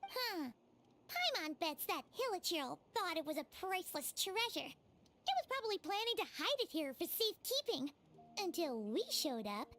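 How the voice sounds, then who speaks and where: A woman's voice: very high voice, very animated, moderate pace, exaggerated voice. A woman voicing a tiny, chatty, childlike female floating companion in a game, curious and referring to herself by name. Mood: curious chirpy. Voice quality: bright childlike voice. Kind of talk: game voice acting.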